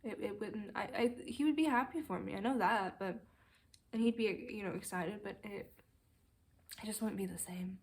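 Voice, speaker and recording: Candid young woman, halting video diary. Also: medium pitch, a little mellow. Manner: candid, halting, with many fillers and restarts; emotional, near tears. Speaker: vlogger recovering from a brain injury.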